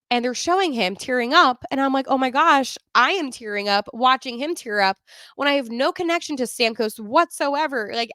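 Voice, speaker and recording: A woman's voice: on the high side, a bit bright, clear, resonant tone, dry recording, studio quality. A woman hosting a sports podcast, talking casually and with strong opinions, laughing often as she runs through the standings. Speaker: podcast host.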